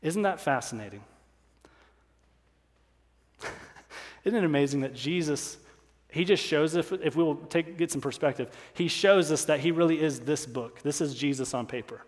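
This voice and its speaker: A man preaching a sermon in a fairly high voice, hammering home each point by saying it twice and firing rhetorical questions at the congregation. His words ring out with the long reverb of a large hall. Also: normal speed, long pauses. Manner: emphatic, repeats key lines, rhetorical questions. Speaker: pastor.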